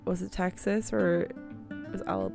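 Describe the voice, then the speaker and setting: Woman, 20s, podcast host, casual rambling chat, low voice, gravelly fry. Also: sing-song, unhurried, over music. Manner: rambling, chatty, swears casually. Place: at home.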